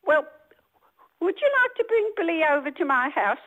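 A woman's voice: high-pitched, very animated, normal speed, a bit bright, no echo, low-quality recording. A woman on the phone, hesitant and growing doubtful of the caller. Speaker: prank call target.

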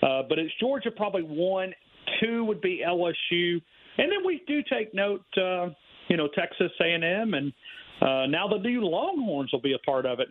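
A man talking sports as a guest over the phone, emphatic and rambling, with many restarts. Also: a little high. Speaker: radio host guest. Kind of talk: sports radio phone interview. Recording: tinny phone line.

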